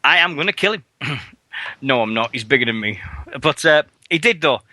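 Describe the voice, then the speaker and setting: A man's voice: mid-range voice, normal speed, no room sound. A man co-hosting a radio show, chatting casually and swearing a lot. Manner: rowdy, animated, acts out loud mocking voices in quotes.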